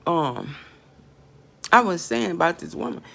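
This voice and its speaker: A woman vlogger delivering a rambling, profane monologue that swings between quiet muttering and angry shouting. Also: lowish voice, big pitch swings, measured pace, vocal fry.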